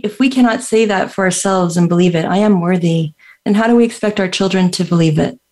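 A woman's voice: on the low side, gravelly, a little mellow. Earnest woman guest on a talk show. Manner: earnest, encouraging. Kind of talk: casual interview chat.

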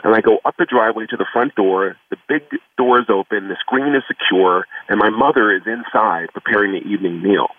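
Brief: reflective man with a lowish voice recounting his life, thin phone sound. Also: fairly quick, few pauses, no room sound. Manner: earnest, reflective, lots of "you know". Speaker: guest, foundation founder. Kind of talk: personal storytelling in a phone interview. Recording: tinny phone line, distant from the mic.

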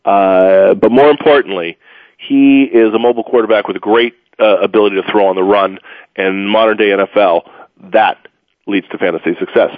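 A man's voice: lowish voice, animated, moderate pace, dry recording. A man hosting a casual sports talk radio show, rambling and joking with plenty of fillers, tired from moving. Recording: phone-like, dry radio audio.

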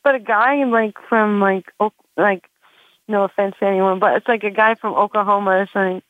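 A woman's voice: medium pitch, fairly even intonation, a little fast, no room sound. Rambling woman comic on a tinny phone line. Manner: rambling, heavy with fillers. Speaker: comedian guest. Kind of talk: stand-up comedy set.

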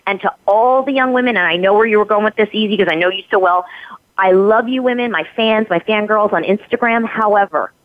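A woman's voice: mid-range voice, brisk, no room sound. A woman guest in a podcast interview, talking in an emphatic, motivational way and repeating phrases for stress. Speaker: actress and guest. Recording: tinny phone-like line, dry.

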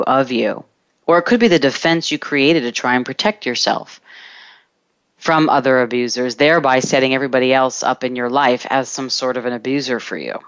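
A self-help podcast host giving a reflective coaching monologue, speaking slowly and deliberately and drawing out words in long lists. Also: mid-range voice, a bit bright, clear, resonant tone, dry recording, dull audio.

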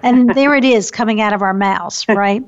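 A middle-aged woman hosting an interview, asking questions in a calm, thoughtful way. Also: medium pitch, normal speed. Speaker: interview host. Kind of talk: casual interview talk. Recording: dull lo-fi recording.

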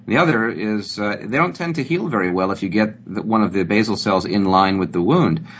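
Host: man, low husky voice, casual and friendly, muffled radio sound. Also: a little fast, a little hiss or hum. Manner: friendly, conversational, fillers like "you know". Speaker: radio show host, doctor. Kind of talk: radio talk show hosting. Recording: dull lo-fi broadcast audio.

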